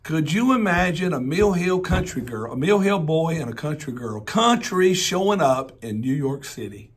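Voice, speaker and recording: A man with a Southern accent, hoarse from laryngitis, preaching a personal storytelling sermon in a folksy way, with joking asides and repeated rhetorical questions. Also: on the high side, lively intonation, moderate pace. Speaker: pastor.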